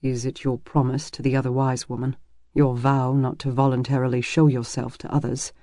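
A man voicing a gentle, teasing medieval warrior who speaks low and tenderly. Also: completely flat delivery, a little fast, dry recording, clean studio sound, lightly acted.

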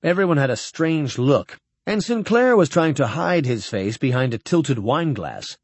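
Expressive male audiobook narrator. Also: mid-range voice, a little slow, husky, no room sound. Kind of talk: scripted narration.

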